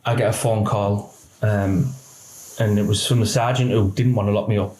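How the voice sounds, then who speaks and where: A man's voice: on the low side, steady tone, moderate pace, darkish tone, reverberant, low-quality recording. A man, a former police officer telling his story in a candid podcast interview and acting out the dialogue.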